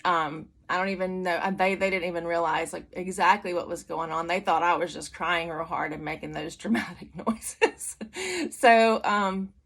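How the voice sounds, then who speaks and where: A woman's voice: on the low side, fairly even intonation, normal speed, fairly bright tone. A middle-aged woman giving a personal church testimony, candid and conversational with many fillers and restarts. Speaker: testimony speaker.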